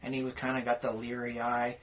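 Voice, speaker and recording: A man's voice: medium pitch, monotone, quick pace. A man co-hosting a podcast in casual chat, talking at length with many fillers. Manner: rambling, talkative, lots of fillers. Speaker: podcast co-host. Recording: dull lo-fi podcast audio.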